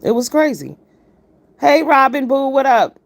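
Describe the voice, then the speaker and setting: A woman's voice: high-pitched, sing-song, measured pace, creaky. A woman hosting a live stream, giving blunt, emphatic and profane commentary while greeting her viewers. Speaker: livestream commentator.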